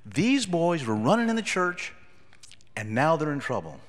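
A woman's voice: low-pitched, sing-song, normal speed, long reverb tail, pitched above the performer's own voice. A man voicing a stern female school principal who scolds a group of boys in front of a class. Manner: raised scolding voice.

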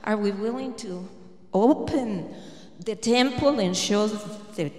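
A woman preaches slowly and earnestly, taking her time over each phrase. She acts out the words of the people in her story. The sound carries a long, roomy echo, as if from a large church hall. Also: mid-range voice, darkish tone. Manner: earnest, acts out what others said. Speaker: speaker at a prayer gathering. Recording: echoey hall reverb.

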